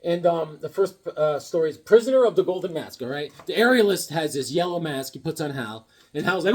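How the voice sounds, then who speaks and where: A man rambling through a casual comic book chat, dropping corny one-liners as he goes. His voice is husky and rather high, and it bounces around a lot in pitch. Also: lively intonation, fairly quick, few pauses.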